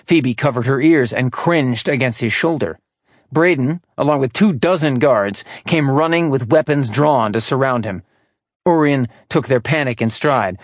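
A man narrates an audiobook from a script, reading steadily and in a measured way. His voice is mid-range, and the recording is dry with clean studio sound.

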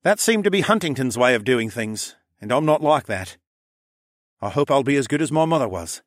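A man's voice: medium pitch, very animated, normal speed, no echo, clean studio sound, pitched above the performer's own voice, lightly acted. A man voicing a cold, commanding young male noble who speaks in clipped, authoritative lines. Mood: modest.

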